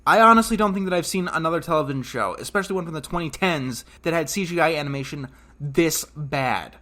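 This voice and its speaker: A man's voice: fairly high pitch, pushed and bright. A man narrating a scripted comedy review of a cartoon in a sarcastic, exasperated rant. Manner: sarcastic, exasperated and ranting, with swearing.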